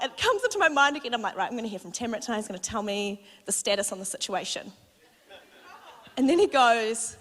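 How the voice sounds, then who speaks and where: A young adult woman preaching a testimony-style sermon in a church, telling her story in a chatty, animated way with frequent laughs. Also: fairly high pitch. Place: church auditorium before a congregation. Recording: long hall reverb of a church auditorium.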